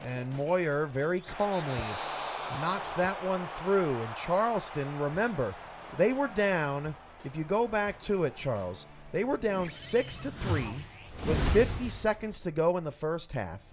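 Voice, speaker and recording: Excitable higher-voiced play-by-play man. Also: background noise. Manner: rapid play calls, rising to shouts on big plays. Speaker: play-by-play commentator. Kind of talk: esports football commentary.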